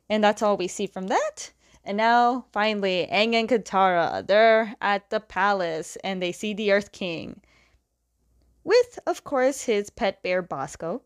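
A woman's voice: medium pitch, expressive, unhurried, clear, resonant tone. A young woman casually retelling a comic's plot, chatty, with fillers and giggles. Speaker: comic recap host.

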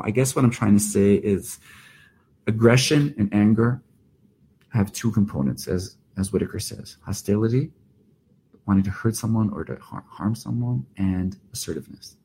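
A man's voice: lowish voice, dark tone, breathy edge. A middle-aged man, a therapist speaking in an earnest, reflective podcast monologue with emphatic restarts. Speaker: therapist and workshop leader.

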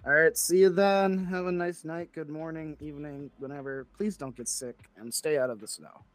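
A man's voice: fairly high pitch, steady tone, moderate pace, a little hiss or hum. A man co-hosting a casual nerd-news podcast, rambling, laughing and trailing off mid-sentence. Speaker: podcast co-host. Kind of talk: casual chat.

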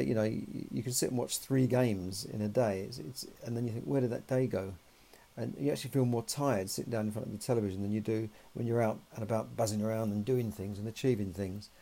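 A man's voice: on the low side, gravelly, dark tone. A man, talking in a rambling, conversational monologue full of "you know" and restarts. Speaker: podcast host. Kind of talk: casual monologue.

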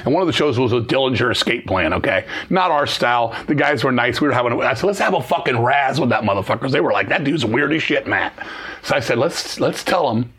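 Middle-aged guy ranting fast, cussing a lot, husky voice. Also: mid-range voice. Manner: fast, swearing, animated, acts out quoted voices. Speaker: interview guest, metal musician. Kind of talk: profane storytelling chat.

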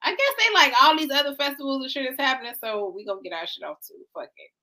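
A young woman rants on a casual podcast, loud and profane. Her voice sits high and bright, with a pitch that jumps all over. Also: expressive, quick pace. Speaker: podcast co-host. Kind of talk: casual chat.

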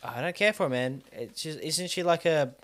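A man's voice: a little high, moderate pace, fairly bright tone. A young man co-hosting a casual podcast chat. He often hesitates, trails off and restarts his sentences. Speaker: podcast co-host.

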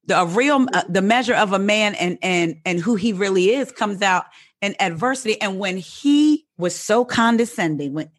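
Mid-pitched married woman, animated storyteller, casual chat. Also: normal speed. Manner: animated storyteller, acts out quotes.

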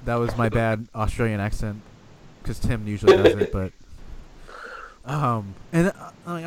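A man co-hosting a casual podcast in a lively, exasperated way. He swears freely and builds his rants up to sharp peaks of disbelief. He sits at a middle pitch for a man. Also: moderate pace. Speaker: podcast co-host. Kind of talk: casual wrestling podcast chat.

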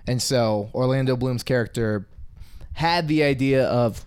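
Casting: man, podcast co-host, mid-pitched voice, hesitant and thinking aloud, dry close mic. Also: a little slow, a little mellow, clean tone, no echo. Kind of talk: casual movie-review chat.

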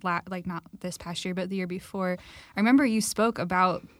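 A woman's voice: fairly low pitch, fairly even intonation, brisk, dry recording, clean studio sound. Young woman co-host, eager and chatty. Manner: enthusiastic, many "like" fillers. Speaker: podcast co-host. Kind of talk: casual faith-based conversation. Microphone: call.

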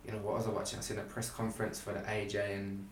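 A man's voice: on the low side, fast, a little hiss or hum. Man, guest actor, casual rambling podcast talk, roomy echo. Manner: relaxed, rambling, London slang like "innit".

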